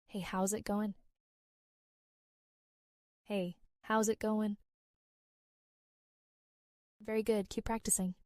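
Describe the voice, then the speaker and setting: An American woman gives an English lesson in a slow, deliberate way, repeating each phrase so learners can follow. Her voice is mellow and warm. It is recorded close on a dry mic with no room sound. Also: medium pitch, little pitch movement, no echo. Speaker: English teacher.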